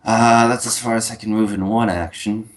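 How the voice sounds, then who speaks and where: A man playing a tabletop game, working through the rules in a deadpan way. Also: on the low side, moderate pace. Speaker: player. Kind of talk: casual tabletop play.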